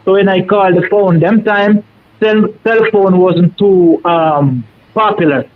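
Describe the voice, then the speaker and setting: A man's voice: high voice, unhurried, dry recording. A man with a Jamaican accent calling in, telling a rambling, emphatic story in a folksy way. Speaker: caller. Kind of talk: casual storytelling on a live call. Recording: tinny dry phone line.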